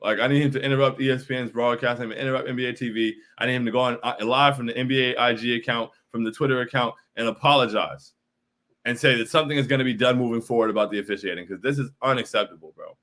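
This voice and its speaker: Frustrated young man with a bright voice. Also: mid-range voice, steady tone, fast. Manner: frustrated, repetitive, calls people bro. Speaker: postgame show host. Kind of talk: livestream postgame reaction, reading chat.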